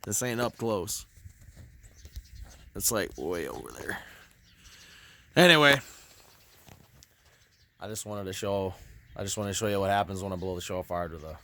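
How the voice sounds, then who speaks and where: A man, out of breath, talks into a handheld phone outdoors by a field of cattle. His voice swings widely in pitch as he excitedly narrates, laughing easily and dropping in religious exclamations. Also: unhurried, long pauses, a little hiss or hum. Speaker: vlogger filming cattle. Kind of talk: casual outdoor video chat.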